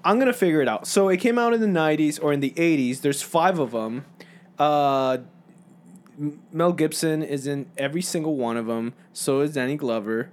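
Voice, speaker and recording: A man's voice: on the high side, normal speed. A man co-hosting a podcast in casual chat, teasing his partner and swearing in loose banter. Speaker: podcast co-host.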